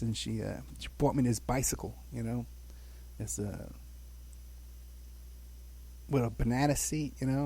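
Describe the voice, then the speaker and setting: A gravelly, dark, medium-pitched voice, slightly rough, belongs to a Bronx man in his sixties who is a podcast guest. Casually and with plenty of "you know" and chuckling, he rambles through memories of his childhood.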